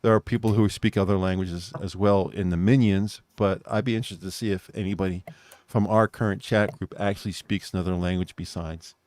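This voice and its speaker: A man with an American accent co-hosts a loose online talk show. His voice sits low, and he tends to ramble and circle back on his points. The recording is dry and close, with no room echo. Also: fairly even intonation, a little fast, darkish tone. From United States. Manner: rambling, restarts mid-thought. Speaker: co-host. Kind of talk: casual podcast chat.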